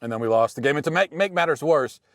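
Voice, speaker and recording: Wry American man, deadpan monologue. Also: a little high, quick pace, no room sound, clean studio sound. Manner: wry, deadpan humor with frequent restarts. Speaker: podcast host. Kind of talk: casual monologue.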